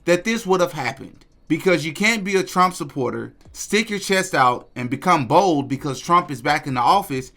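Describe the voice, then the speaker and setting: Podcast host, man, bright and forceful, emphatic opinion commentary. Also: on the high side, expressive, moderate pace, few pauses. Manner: indignant, emphatic.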